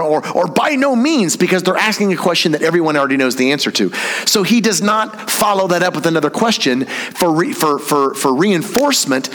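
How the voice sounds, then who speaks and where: A man's voice: on the high side, fairly bright tone. A pastor preaching a sermon in a church service, talking conversationally and making teasing asides while he explains the grammar of a verse. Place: church sanctuary during a service. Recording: long hall reverb from a church sanctuary.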